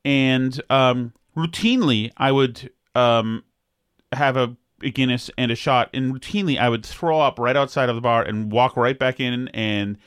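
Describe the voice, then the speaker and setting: Male podcast co-host, mid-pitched, rambling jokey banter, dry close mic. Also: moderate pace, smooth, dry recording. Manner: joking, rambling, lively swings of pitch. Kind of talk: casual chat.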